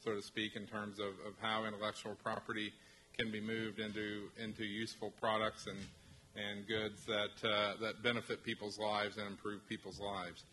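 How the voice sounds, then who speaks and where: A man from a university technology transfer office presenting to faculty, halting, with many restarts and fillers. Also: on the low side, monotone, pushed and bright, slight background noise, low-quality recording.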